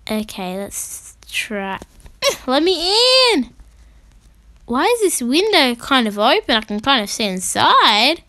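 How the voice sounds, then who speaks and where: Brief: high-pitched woman, casual game commentary, giggly and exclamatory, dry close sound. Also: very animated, takes it slowly, pushed and bright, dry recording. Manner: chatty, giggly, gasping and exclaiming. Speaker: gaming channel host.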